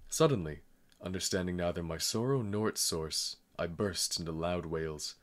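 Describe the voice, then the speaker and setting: A man reading a novel aloud in calm, measured narration. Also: low-pitched. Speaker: audiobook reader. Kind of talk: scripted narration.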